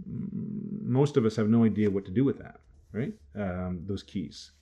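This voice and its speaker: A man's voice: on the low side, normal speed, dark tone. Man teaching a church class. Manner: thinks aloud with frequent restarts. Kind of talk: conversational class lecture.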